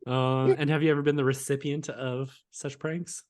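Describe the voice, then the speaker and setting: A man co-hosting a casual chat, easygoing and quick to laugh, with teasing asides. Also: mid-range voice, flat delivery, a little mellow. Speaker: co-host.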